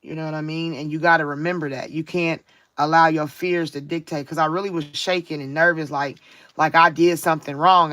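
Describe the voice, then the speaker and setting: A woman on a live stream giving a spiritual card reading, her voice bright and forward. She talks reflectively, stretching out the words she wants to stress and often checking in with her listeners. The sound is close and dry, with no room around it. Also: sits low, steady tone, no room sound. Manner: reflective, drawn-out emphasis, frequent "you know what I'm saying". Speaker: tarot card reader.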